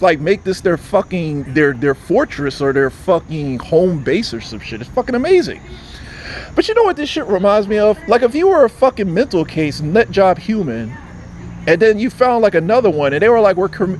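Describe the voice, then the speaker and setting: Male vlogger, outdoors, profane rambling rant, a bit high-pitched. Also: darkish tone, a little hiss or hum. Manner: agitated, profane, repetitive. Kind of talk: casual rambling monologue.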